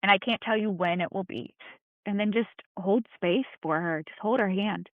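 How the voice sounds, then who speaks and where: A woman's voice: medium pitch, moderate pace, dry recording. Woman guest talking straight from the heart, plain-spoken and reassuring, sounds like a phone line. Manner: earnest, encouraging, plain-spoken. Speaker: podcast guest. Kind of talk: candid heartfelt conversation. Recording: tinny phone-like line, dry.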